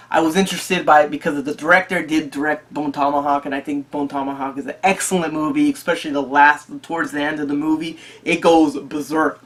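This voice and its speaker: An eager movie reviewer talks directly to viewers in a casual vlog, his pitch sitting mid-range. He's excitable, often restarting phrases and doubling up words.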